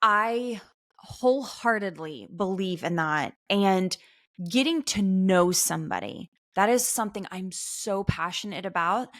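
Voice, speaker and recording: A woman's voice: medium pitch, expressive, a little slow. A woman hosting an interview podcast, who speaks earnestly and affirms her guest. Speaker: podcast host. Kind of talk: interview conversation.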